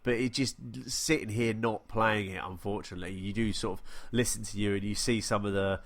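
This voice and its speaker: Laid-back male co-host, low-pitched, thinks aloud with lots of pauses. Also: fairly even intonation. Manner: hesitant, many fillers and restarts, musing. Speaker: podcast co-host. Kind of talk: casual podcast chat.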